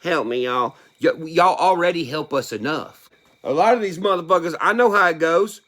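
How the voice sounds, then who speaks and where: A man's voice: on the high side, a little fast, a bit bright. A young man, a country music artist, ranting bluntly with heavy swearing. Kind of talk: profane opinion rant.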